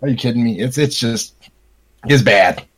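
A man hosting a casual podcast chat, blunt and profane, ranting with animated swings in his voice. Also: mid-range voice, moderate pace, breathy edge. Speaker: podcast host.

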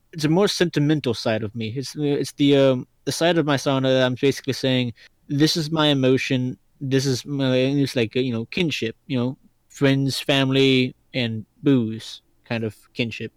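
A man's voice: mid-range voice, steady tone, moderate pace, clean tone, dry recording. Casual podcast guest, male, hesitant and rambling, playful, accent hard to pin down, dry and close. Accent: hard-to-place, not regional Kentucky. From Lexington, Kentucky, US. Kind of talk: casual chat.

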